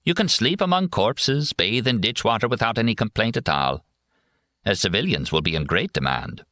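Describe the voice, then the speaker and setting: Guy putting on a mocking young soldier, higher voice, swinging all over, dry sound. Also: expressive, moderate pace, bright, forceful tone, dry recording. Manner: sarcastic, mock-cheerful storytelling.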